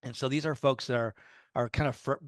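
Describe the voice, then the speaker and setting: Guy chatting to a group, lots of ums and restarts, mid pitch, dry close sound. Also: fairly even intonation, a little fast, no echo. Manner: friendly storytelling with fillers and restarts. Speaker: guest speaker on low-vision resources. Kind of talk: casual talk to a small group.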